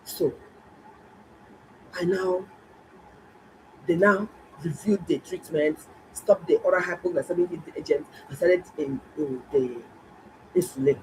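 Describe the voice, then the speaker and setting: A woman doctor, telling viewers a story in a casual, animated and emphatic way. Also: lowish voice, slow, pauses often, slight background noise, poor audio. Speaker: doctor and health vlogger.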